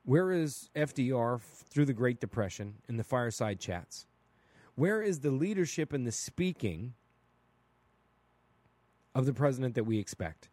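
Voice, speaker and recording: A man of middling pitch delivers an opinionated solo podcast monologue, casual and blunt, with an occasional curse. He keeps asking his listeners "right?" as he builds his point, and the recording sounds close and dry. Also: lively intonation, moderate pace, long pauses, a little mellow, no echo. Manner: casual and blunt, with mild swearing. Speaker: podcast host.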